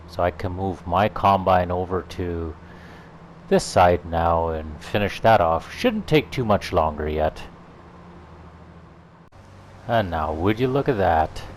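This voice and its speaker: Low-voiced man chatting over farming gameplay. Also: a little hiss or hum. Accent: slips into a put-on Irish lilt. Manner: relaxed, chatty, thinking out loud. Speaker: gaming channel host. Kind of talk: casual gameplay commentary.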